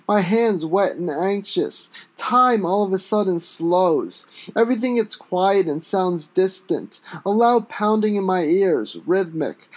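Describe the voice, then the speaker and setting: A man reads his own gritty first-person story aloud. His delivery is intense and raw, and it breaks into sudden angry shouts. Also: high-pitched.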